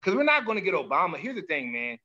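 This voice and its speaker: A man hosting a casual chat with a bright, forceful voice, loose, slangy and animated, often acting out what others say. The audio sounds dull and lo-fi. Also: high-pitched, fast. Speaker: podcast host.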